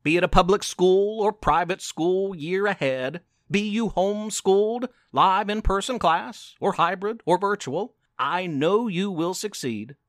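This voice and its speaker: Playful, encouraging male podcast host; high, animated, slow delivery. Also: no room sound, clean studio sound. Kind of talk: scripted storytelling narration.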